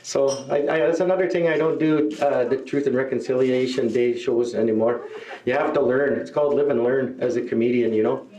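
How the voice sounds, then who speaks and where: A middle-aged man doing a stand-up comedy set, telling a long story and jumping into higher voices for the people he quotes. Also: brisk, dark tone, a little hiss or hum. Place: live show venue. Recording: echoey live room.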